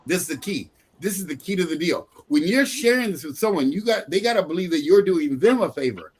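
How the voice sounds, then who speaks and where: A man's voice: on the high side, lively intonation, fairly quick, breathy edge. A middle-aged man giving a motivational sales training talk, emphatic and repetitive, often breaking into laughter.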